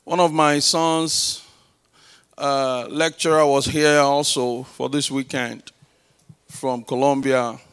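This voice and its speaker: A middle-aged male pastor preaching a sermon, praying aloud, calling for responses and telling stories with loud, emphatic swells. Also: medium pitch, flat delivery, takes it slowly, smooth. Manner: prays aloud and uses call-and-response with the congregation.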